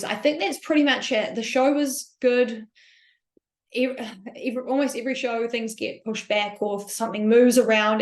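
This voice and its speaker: Chatty New Zealand woman, gravelly edge. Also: on the high side. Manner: chatty, upbeat, rambling with many likes and ums. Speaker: podcast host. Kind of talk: casual solo podcast chat. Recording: echoey room.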